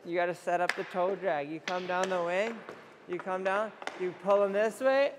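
A young man coaching a goalie on the ice, energetic and playfully teasing between drills, recorded in an indoor rink. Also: high-pitched, normal speed. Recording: echoey rink with faint noise.

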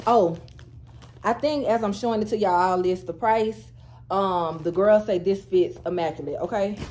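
Woman vlogger talking to her phone at home, super chatty, y'all and baby every other line, quiet hiss behind. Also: mid-range voice, normal speed. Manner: chatty and animated, keeps addressing viewers as y'all, girl and baby. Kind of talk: casual get-ready-with-me chat to camera.

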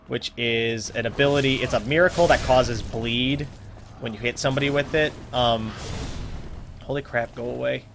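A man's voice: mid-range voice, moderate pace. Young guy talking over his game, rambly and self-mocking, mumbles off at the ends, bit of hiss behind. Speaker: let's play host. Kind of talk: casual gameplay commentary.

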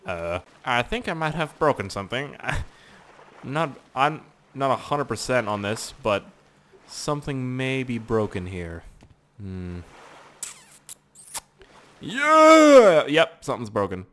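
Man, gameplay commentary, mid-pitched, swears a lot, excitable, rambling. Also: measured pace, a little hiss or hum. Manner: profane, excitable, rambling self-talk. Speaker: gaming YouTuber.

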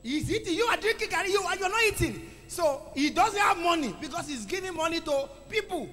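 A man preaching a sermon to a congregation, calling for responses and swinging between loud exclamations and quiet asides. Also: very high voice, animated, a little fast. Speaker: pastor. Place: church hall. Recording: echoey church hall with music.

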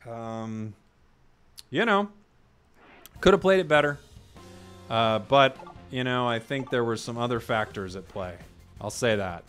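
Young male gaming host, casual rambling commentary, dry joker, mid-pitched voice. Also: a little slow, pauses often, soft background music. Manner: rambling, joking, deadpan tall tales.

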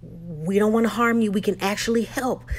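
A woman voicing a calm male researcher, pleading quickly and earnestly to help. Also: mid-range voice, breathy edge, close to an everyday voice.

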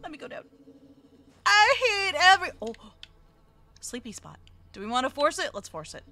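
A woman streamer with a high, bright voice gives cutesy, jittery play-by-play of a game. She often whimpers that she is scared, and her pitch swoops up and down a lot. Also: sing-song, normal speed, no echo. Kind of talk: live let's play commentary.

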